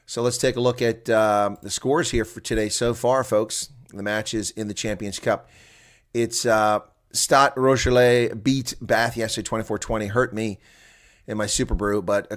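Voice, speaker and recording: Excitable man doing live rugby reactions. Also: medium pitch. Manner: chatty and excitable, laughs at players' mistakes. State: coughing, congested throat. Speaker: rugby watch-along commentator. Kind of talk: live play-by-play reaction commentary.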